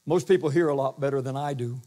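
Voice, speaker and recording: An older man preaching a sermon in a church, with a booming voice and a rambling delivery full of restarts and acted-out quotes. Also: quick pace, dark tone. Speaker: pastor. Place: church sanctuary.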